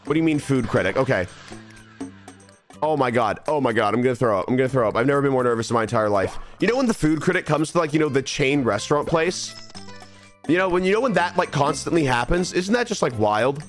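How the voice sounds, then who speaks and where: Faint music sits behind a young man commentating his game live in a mid-range voice. He talks quickly with lively intonation, restlessly muttering repeated phrases under his breath and mocking himself.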